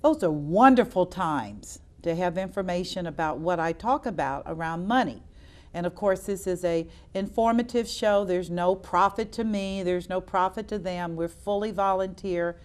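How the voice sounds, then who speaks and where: An older woman with a lowish voice hosts a community TV talk show. She speaks earnestly and encouragingly, and she often repeats herself to drive a point home. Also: moderate pace, darkish tone. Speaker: host. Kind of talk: public-access talk show.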